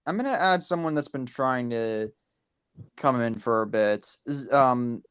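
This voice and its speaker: A man's voice: medium pitch, animated, a little slow, a bit bright, clean tone, dry recording. A man hosting a livestream group chat in a casual, easygoing way, repeating himself when flustered. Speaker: stream host.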